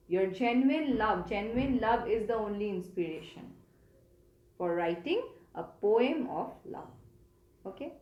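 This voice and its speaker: A woman's voice: medium pitch, expressive, unhurried, lo-fi sound. A woman, patiently explaining a poem in a recorded lecture, with many hesitant fillers. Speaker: literature teacher. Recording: echoey room with faint hum.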